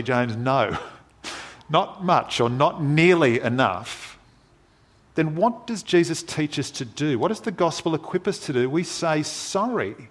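A man preaching a sermon in an earnest, measured way, with dramatic pauses. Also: a little high.

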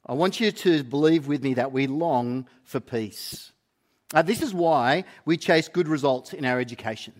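Animated middle-aged pastor telling a story. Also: male voice, on the high side, normal speed. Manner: storytelling, animated and self-mocking. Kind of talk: sermon.

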